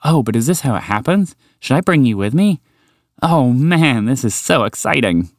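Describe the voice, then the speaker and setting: Man doing a polite, eccentric giant horse: excitable and courtly, with a lively lilt. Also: mid-range voice, normal speed, no room sound, studio quality, pitched above the performer's own voice. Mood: excited. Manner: polite and dreamily enthusiastic.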